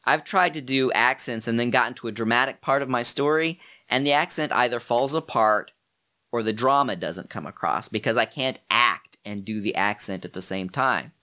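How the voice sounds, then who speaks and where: A man explains his approach to audiobook narration in a relaxed how-to talk. His voice is bright and forward, and his delivery is earnest and unassuming, as if he is working things out while he speaks. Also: medium pitch, moderate pace. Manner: earnest and modest, thinking aloud.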